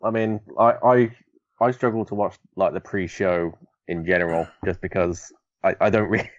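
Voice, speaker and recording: Hesitant low-voiced man on a dull mic. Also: steady tone, normal speed, dry recording. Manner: hesitant, repeats words, laughs easily. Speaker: podcast co-host. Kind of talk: casual podcast chat.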